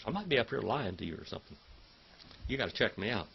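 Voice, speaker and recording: A man's voice: fairly low pitch, big pitch swings, quick pace, gravelly, highs cut off, slight background noise. A man teaching a Bible Hebrew class in a folksy, chatty way, calling on students by name and drilling word meanings. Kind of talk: classroom lecture.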